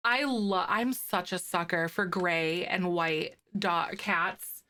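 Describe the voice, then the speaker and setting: A woman's voice: fairly low pitch, slow. A young woman, chatting casually on a live stream and reading viewer comments, gushing and cooing over pet photos. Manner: gushing, excitable, coos over pets.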